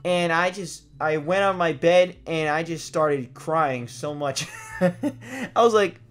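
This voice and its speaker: A young man hosting a gaming vlog, telling a story in a loose, swearing way and acting out his old reactions with sudden loud, high bursts. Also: unhurried. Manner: animated, swears freely, acts out his past reactions in loud high outbursts. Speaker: gaming video host.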